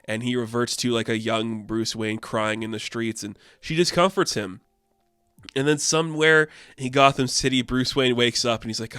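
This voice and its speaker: A man's voice: medium pitch, moderate pace, a bit bright, clean tone, no echo, clean studio sound. A man reviewing comics in a casual, rambling way, with many fillers and the odd swear word.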